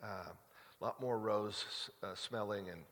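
A man's voice: lowish voice, unhurried, crowd noise. A middle-aged man, a pastor, preaching a sermon in a conversational, confessional way with frequent restarts, rising to emphatic peaks. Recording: long hall reverb.

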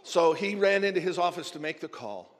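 A man who is a minister telling a humorous story in a sermon, animated and often chuckling as he talks. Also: high voice, fairly quick. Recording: long hall reverb.

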